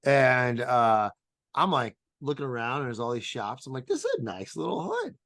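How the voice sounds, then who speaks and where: A man co-hosting a podcast, spinning animated road stories. He has a mid-pitched voice, swears freely and jumps into a loud, high register when he acts out quotes. The sound is dry and close, with no room around it. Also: normal speed, dry recording. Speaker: podcast co-host; stand-up comedian. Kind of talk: casual storytelling chat.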